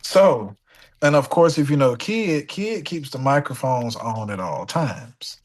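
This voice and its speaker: A young man telling a funny studio story in a casual sit-down conversation, animated and dropping into the voices of the people in it. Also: medium pitch, unhurried. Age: young adult. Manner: animated, slips into voices of the people in his stories. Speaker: guest musician.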